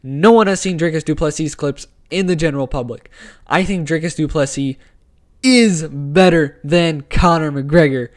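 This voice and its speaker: A man hosting a casual live sports talk stream, excitable and opinionated, using slang, on a wired desk microphone. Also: a little high, normal speed. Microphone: desk microphone with wire.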